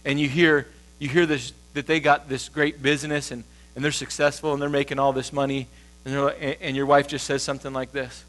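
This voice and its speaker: A male pastor giving a sermon in a conversational, storytelling way, with quick shifts as he acts out the voices of others. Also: level tone, a bit bright. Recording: low mains hum.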